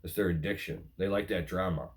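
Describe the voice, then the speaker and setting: A man with a somewhat low voice gives relationship advice to his viewers. He talks casually and earnestly, circling back over his points and calling his audience guys. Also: fairly quick.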